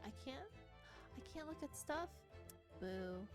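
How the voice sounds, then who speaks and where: A woman's voice: high voice, expressive, slow, pauses often. A woman streamer chatting casually and playfully while playing a game at home. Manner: playful, laughs at herself. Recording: game music playing behind.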